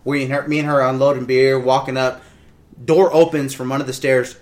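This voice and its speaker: A man's voice: medium pitch, level tone, a little fast, darkish tone. A man telling a long rambling story in casual chat, with many restarts and laughs.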